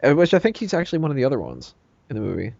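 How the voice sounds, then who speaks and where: Animated man with a mellow, dull-sounding voice. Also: medium pitch, very fast, creaky, no echo. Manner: animated, jokey, quotes lines in put-on voices. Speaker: podcast co-host. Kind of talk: casual movie review chat.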